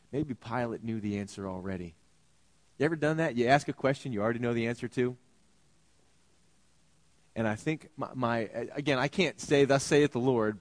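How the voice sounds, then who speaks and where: A male pastor delivering an animated sermon, acting out biblical characters in shifting voices. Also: mid-range voice, no room sound.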